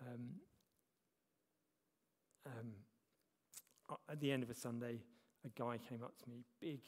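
A man's voice: mid-range voice, fairly even intonation, a little slow, a little mellow. A man preaching a sermon as a church elder, talking conversationally with self-deprecating humor. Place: church hall. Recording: long reverb of a church hall.

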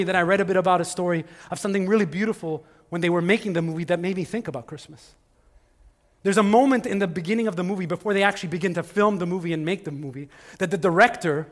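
A middle-aged male pastor giving a conversational sermon in a church, swinging from loud emphasis to hushed asides. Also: high-pitched. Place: church sanctuary. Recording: long hall reverb with faint music.

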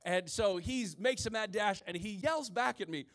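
The speaker is a man in his forties, a pastor from the rural US Midwest, preaching to a congregation in church. He tells stories with humorous asides, his high-pitched, fairly bright voice moving at a normal pace.

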